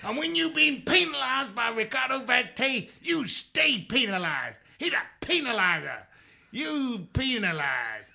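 Brash footballer, put on by a male host: lively high voice with a gravelly edge, boasting and swearing. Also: measured pace, heavily acted. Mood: swaggering. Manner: boastful, profane, sing-song.

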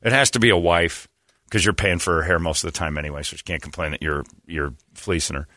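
A man in his thirties in a casual comedic chat, mocking and quick to slip into high falsetto voices for people in his stories. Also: fairly even intonation, pushed and bright, no echo, studio quality. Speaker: podcast co-host.

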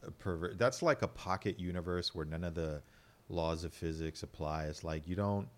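Deep-voiced man in rambling casual chat. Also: moderate pace. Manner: rambling, laughs often, wordy asides. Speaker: podcast co-host.

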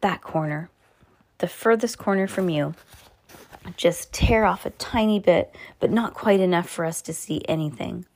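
A woman reading the part of a polite, hopeful young boy in a soft, gentle voice. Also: on the low side, a little slow.

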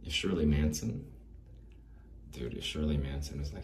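Guy with a super deep voice rambling solo on his podcast, self-deprecating and wistful, roomy echo and faint hiss. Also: moderate pace, pauses often. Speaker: podcast host. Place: small home studio.

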